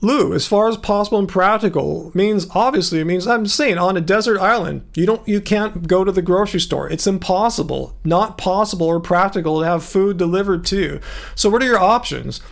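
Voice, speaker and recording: A man's voice: sits high, a little fast, vocal fry. A man hosting a live stream, answering viewers in a rambling, indignant way. He is starting to lose his voice. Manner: rambling, indignant, talks straight to chat.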